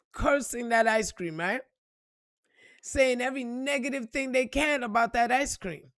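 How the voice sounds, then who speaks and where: A woman's voice: a little high, expressive, unhurried, pauses often, no echo, studio quality. A woman giving a motivational spiritual talk in an emphatic, preachy way, blunt and profane, asking her listeners question after question. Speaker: spiritual reader and motivational speaker.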